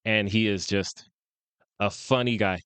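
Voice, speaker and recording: Male podcast co-host, low and smooth, easygoing chatter, dry close mic. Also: steady tone, unhurried, a bit bright, no room sound. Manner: laid-back, chatty, laughs often. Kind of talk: casual fan-casting chat.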